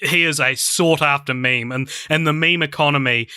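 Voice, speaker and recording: A young man co-hosting a podcast, loose and joking, with many fillers. His voice has a sharp, very bright edge. The sound is dry and close to the mic. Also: on the high side, normal speed, smooth, dry recording. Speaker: podcast co-host. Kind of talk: casual chat.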